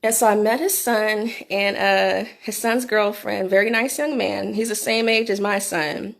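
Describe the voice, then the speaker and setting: A middle-aged woman telling a candid personal story into her phone for a vlog, animated and swearing freely. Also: mid-range voice, unhurried, vocal fry. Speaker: vlogger.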